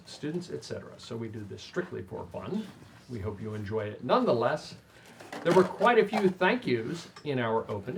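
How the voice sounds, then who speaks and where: Guy hosting a d&d stream, bouncy lively delivery, loud hiss on the mic. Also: mid-range voice, vocal fry. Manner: upbeat announcer reading a welcome script. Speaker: stream host. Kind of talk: scripted stream intro, then casual chat. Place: room with tabletop game group. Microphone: desk microphone.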